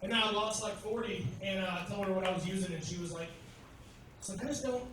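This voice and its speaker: A stand-up comic with a fairly high voice works the room on a club stage, crude and brash. He is from Tennessee and throws quick asides to the crowd. The sound comes from far off in an echoey club, with steady noise underneath. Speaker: stand-up comedian. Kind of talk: stand-up comedy set.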